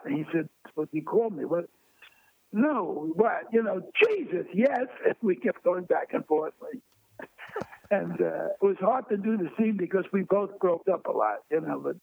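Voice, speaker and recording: An older man, a lively raconteur guesting on an interview who acts out voices in his stories. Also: high voice, normal speed, creaky, no echo. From Brooklyn, New York. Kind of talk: anecdotal storytelling. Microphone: phone. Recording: tinny dry phone line.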